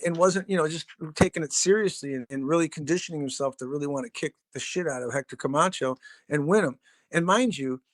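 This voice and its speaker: A middle-aged man with a somewhat high voice recounts old stories in a loose, rambling way, swearing freely and padding his sentences with fillers. The sound is dry and close, with no room around it. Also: no room sound. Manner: rambling, profane, laid-back storyteller with many fillers. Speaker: podcast guest, drummer. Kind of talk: casual storytelling.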